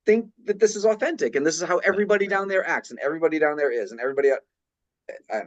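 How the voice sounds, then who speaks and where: A man's voice: on the high side, lively intonation, racing, dry recording. A man with a Boston accent, a podcast guest in casual conversation, who often stops and restarts and repeats words. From New England. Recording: slightly dull, lo-fi audio.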